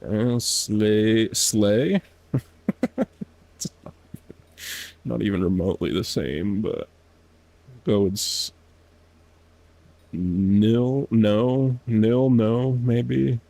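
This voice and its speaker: A man's voice: lowish voice, very slow, creaky, long pauses, dark tone, no echo. A man streaming a game, chatting casually to himself, laughing often and sounding out foreign words. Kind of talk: casual gameplay commentary.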